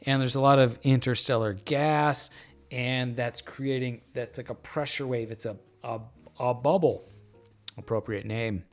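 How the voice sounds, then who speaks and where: Slow-talking man hosting a casual stream. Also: mid-range voice. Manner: slow, rambling, many fillers; relaxed, joking. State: a bit tipsy from beer. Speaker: live-stream host. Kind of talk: casual live-stream chat. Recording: faint music in background.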